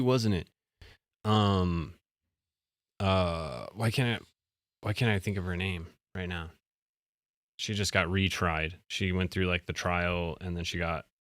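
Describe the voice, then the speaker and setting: Man, deep low voice, dry close sound, casual chatty live-stream co-host. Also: a bit bright, no echo. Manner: chatty, self-deprecating, thinks aloud.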